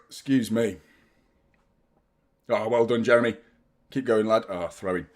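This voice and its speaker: Excitable football fan. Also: male voice, on the low side, a little slow. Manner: excitable, swearing, chanting along. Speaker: fan channel host. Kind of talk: live football watchalong commentary.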